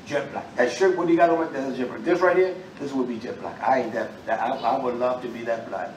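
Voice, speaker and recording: A man preaching a sermon to a congregation in a loose, animated street style, with sudden loud outbursts and asides. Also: mid-range voice, quick pace, slight background noise. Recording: roomy echo, mic far off, faint ambience.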